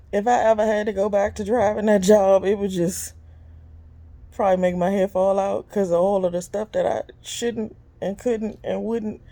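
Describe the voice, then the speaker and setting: A woman in her fifties, hosting her own vlog, vents in a blunt, casual monologue. She is animated and exasperated, with sudden leaps in pitch and occasional laughs. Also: gravelly. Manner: animated and exasperated, big jumps in pitch when quoting people; blunt and conversational, with frequent laughs. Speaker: vlog host and business owner.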